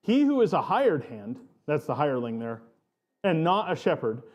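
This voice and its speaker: A man's voice: on the high side, sing-song, normal speed, darkish tone. A man preaching a sermon as pastor of his church, earnest and emphatic, stretching out key phrases.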